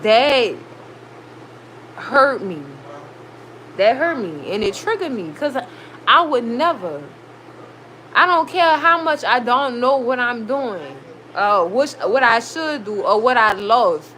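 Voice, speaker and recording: A high, bright-voiced young woman rants through a TV recap from her room at home. She talks in an animated way and swears freely. A faint hiss sits under her voice. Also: takes it slowly, long pauses, rough recording. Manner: animated, swearing, heated reactions. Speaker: recap show host. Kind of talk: casual TV recap vlog. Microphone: recorded.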